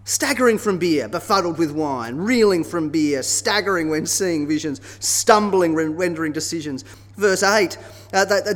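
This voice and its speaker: A man preaching a sermon in a conversational, expressive way, often checking in with tag questions. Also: a little high, normal speed. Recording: long reverb of a large hall.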